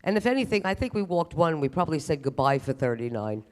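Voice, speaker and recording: Stand-up comedian, man, self-mocking set on stage, fairly high, lively voice. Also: fast. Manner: animated, self-deprecating delivery. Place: live comedy stage at a museum event.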